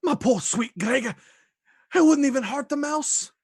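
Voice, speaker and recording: Man doing a dwarf wife, Scottish accent, furious, scolding, high voice, dry close sound. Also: moderate pace, no room sound. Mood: bitter. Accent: put-on Scottish. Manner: bitter, snapping, scolding. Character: furious grieving dwarf wife, older woman.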